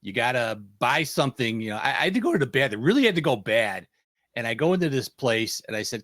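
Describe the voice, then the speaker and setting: Brisk and mid-range, this American podcast host's voice is captured on a dry recording. Hosting a casual panel show, he tells stories with animation and performs the quoted lines.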